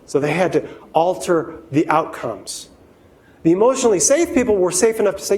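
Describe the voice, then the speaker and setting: A man with a notably high voice gives a keynote talk to a workplace audience. He addresses the listeners directly and slips into little acted-out voices when he quotes people. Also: moderate pace, low-quality recording. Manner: lively, acts out quoted voices, talks straight to the audience. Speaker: keynote speaker.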